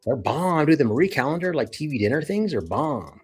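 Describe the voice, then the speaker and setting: A man's voice: a little high, big pitch swings, a little fast, darkish tone, breathy edge, faint music behind. A man hosting his channel in casual chat, telling a slangy, profane, rambling story. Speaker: channel host.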